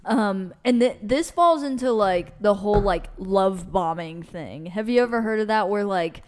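A woman's voice: medium pitch, a little slow, darkish tone. A young woman co-hosting a podcast, chatting casually, telling stories with lots of fillers and swearing. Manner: chatty storyteller, swears, many likes and fillers. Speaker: podcast co-host. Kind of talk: casual chat.

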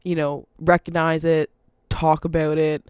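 A woman's voice: deep voice, little pitch movement, a little slow, darkish tone, clear, resonant tone, no room sound. Casual woman, chatty and unfiltered, laughs mid-sentence, dry close mic. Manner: rambling, laughs often, swears freely. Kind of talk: casual monologue.

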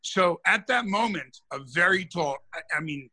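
A man's voice: sits high, moderate pace, low-quality recording. A man co-hosting a podcast, telling a long anecdote in casual chat, acting out the quotes and restarting his sentences often. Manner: animated storyteller, acts out quotes, restarts often. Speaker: podcast co-host.

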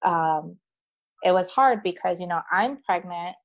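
A woman's voice: lowish voice, measured pace, highs cut off. Chatty woman telling her own story. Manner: animated, chatty, many fillers, voices others in quotes. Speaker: guest. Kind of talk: telling a personal story in casual conversation.

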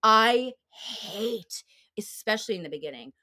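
Lively young woman teasing on a podcast. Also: mid-range voice, unhurried. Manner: teasing, mimics her guest. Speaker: podcast host. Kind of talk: casual podcast banter.

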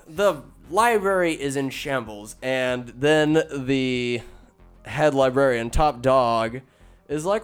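Smooth-voiced man recapping a film casually. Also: medium pitch, slow pace, faint music behind. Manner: rambling, profane, animated storytelling.

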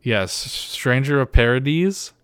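Podcast guy rambling and teasing his cohost, smooth clear voice, dry sound. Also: mid-range voice, expressive, slow pace, a bit bright, no echo. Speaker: podcast co-host. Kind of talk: casual chat.

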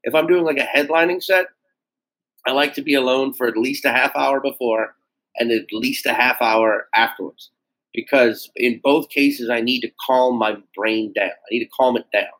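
A young adult man talks through a casual podcast chat as a comedian guest. He is animated and swears freely, and he leaps into high mock voices for quotes. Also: normal speed, poor audio.

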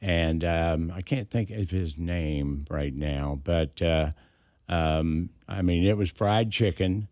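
A man's voice: low-pitched, takes it slowly, darkish tone, no room sound, clean studio sound. An older man sitting in as a guest on a radio show, chatting in a laid-back way with short, agreeable replies. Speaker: studio guest. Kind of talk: casual radio chat. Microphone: studio mic.

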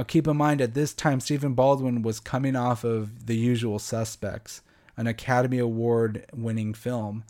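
In a casual monologue, a young male podcast host reviews a film bluntly and sarcastically, cursing without restraint. His voice is medium in pitch with a darkish tone.

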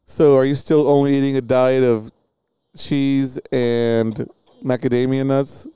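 A man hosting a loose, chatty podcast, with a mellow and very clean voice. He is recorded close in a dry space. He asks questions in an easygoing way and swears casually. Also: medium pitch, level tone, a little slow, clean tone, dry recording. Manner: laid-back, swears casually. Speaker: podcast host. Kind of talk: casual chat.

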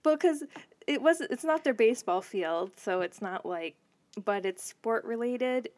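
A woman co-hosting a podcast in a relaxed, easygoing way, moving between banter and notes from her research. The recording is dry, with almost no room sound. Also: on the high side, a little slow, no room sound. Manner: relaxed, reads history notes between chat. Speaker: podcast co-host. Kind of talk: casual chat with researched storytelling.

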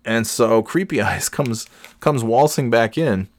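A man's voice: medium pitch, expressive, measured pace, no echo. A man telling a rambling, profane workplace anecdote in a casual monologue, full of fillers and growing exasperation. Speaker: storyteller.

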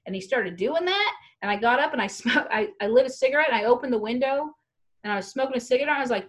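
A woman's voice: on the high side, expressive, fast. A young adult woman telling a long, frank, rambling story in casual chat, laughing now and then. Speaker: guest storyteller.

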